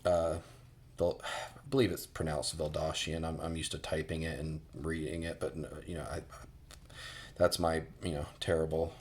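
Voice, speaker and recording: A man's voice: very deep voice, little pitch movement, normal speed. An American man giving a casual boot review, rambling with many fillers and restarts.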